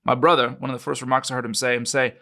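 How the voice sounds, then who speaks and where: A man playing a rural eyewitness who speaks in a put-on New Mexico drawl. He describes what he saw in a plain, halting way, with a bright, forceful tone. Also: medium pitch, level tone. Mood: matter-of-fact. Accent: put-on New Mexico accent. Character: rural American man recounting a crash witness account. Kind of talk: read-out interview transcript.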